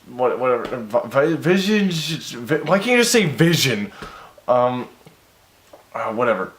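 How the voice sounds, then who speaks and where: A man's voice: medium pitch, fairly bright tone, echoey room. A man reading a story aloud as a reviewer, stumbling over words and breaking off into exasperated, sidetracked commentary.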